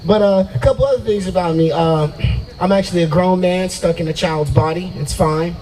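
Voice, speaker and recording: A man in his forties works an outdoor open-mic crowd with a loose, swaggering stand-up set, cursing freely and cracking himself up. His voice sits a little high for a man. A faint murmur of the crowd lingers behind him on the stage mic. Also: fairly quick, a little mellow, a little hiss or hum, poor audio. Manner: profane, loose and boastful, laughing at own jokes. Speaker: stand-up comedian. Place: open mic at a brewery, out of doors.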